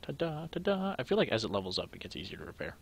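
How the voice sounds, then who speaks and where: A man's voice: sits low, wildly swooping pitch, rapid-fire, vocal fry, fairly bright tone, a little hiss or hum. A young man thinking aloud to himself as he plays through a game, in casual commentary. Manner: thinking aloud, musing to himself while sorting items. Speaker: let's play gamer.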